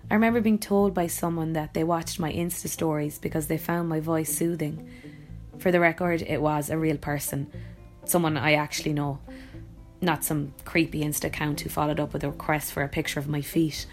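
A woman's voice: deep voice, fairly even intonation, fairly quick, faint music behind. A woman with an Irish accent, an actor and voice-over artist, reading her own blog post aloud in a reflective, wry and personal way.

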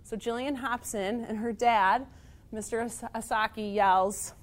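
A woman teacher telling a personal story in a lively, self-mocking way. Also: on the high side, a little slow.

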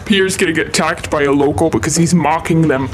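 A man's voice: fairly high pitch, fairly quick, over music. A man bantering through a co-op game, teasing and bossing his partner. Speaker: gamer. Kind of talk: playful co-op gameplay chat.

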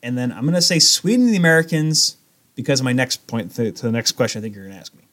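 A man's voice: medium pitch, fast, fairly bright tone. A man co-hosting a podcast, rambling in casual chat with restarts and self-corrections. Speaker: podcast co-host.

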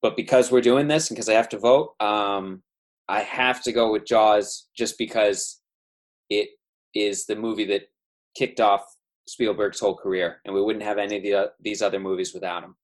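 A man co-hosting a movie podcast who talks in a hesitant, thoughtful way and fills his pauses with ums. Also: on the low side, steady tone. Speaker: podcast co-host. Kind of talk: casual movie chat.

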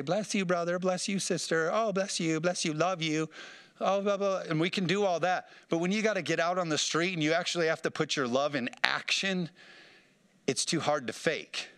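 A man's voice: a little high, fairly bright tone. A man preaching a fired-up sermon as pastor, reading scripture and calling for amens from the congregation. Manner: fired-up preaching with call-and-response.

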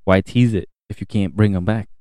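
Low-voiced man ranting on a podcast. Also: brisk, no echo, studio quality. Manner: animated, profane ranting. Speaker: podcast co-host. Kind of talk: casual chat. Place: home podcast setup.

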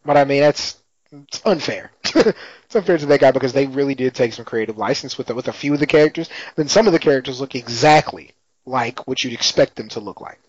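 A man's voice: medium pitch, a little fast, no room sound. Laid-back slangy man, dry muffled sound. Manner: slangy, laid-back storytelling with frequent laughs. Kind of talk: casual chat recapping a TV episode. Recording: dry, slightly muffled lo-fi audio.

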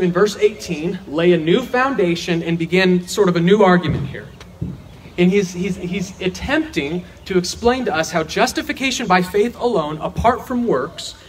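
A man's voice: sits high, a little hiss or hum. A man teaching a verse-by-verse sermon, earnest and emphatic, asking rhetorical questions and answering them himself. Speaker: Bible teacher.

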